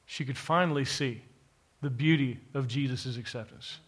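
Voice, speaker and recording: A man's voice: mid-range voice, moderate pace. A man preaching a sermon to a live congregation, emphatic and repetitive, speaking straight to his listeners. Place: church, to a live congregation with an online audience.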